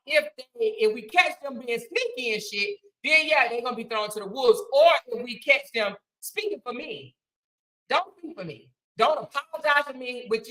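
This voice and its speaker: Chatty bright-voiced woman livestreaming. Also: sits high, rough recording. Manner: chatty, reads and thanks viewers' comments. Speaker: livestream host. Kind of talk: casual livestream chat reading comments.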